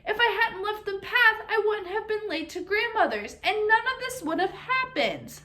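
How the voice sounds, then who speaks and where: Storybook little girl in a red hood, played by a woman: high, eager, polite. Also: very animated, moderate pace, a bit bright. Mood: frightened.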